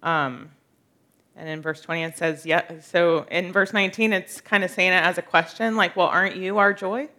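Woman Bible-study teacher, lowish but bright tone, earnest and chatty, reads verses aloud. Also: steady tone, moderate pace. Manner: earnest, conversational, many fillers, laughs often.

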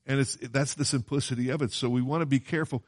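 In a mid-range voice with fairly even intonation and a quick pace, a man preaches from the Bible in a conversational style. He keeps asking the congregation questions and cites scripture in old-fashioned language.

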